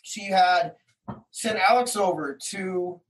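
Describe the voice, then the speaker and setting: A man being interviewed recounts a personal story slowly in a high voice, somewhat distant from the microphone. He rambles in heated, slangy language, quoting back-and-forth exchanges.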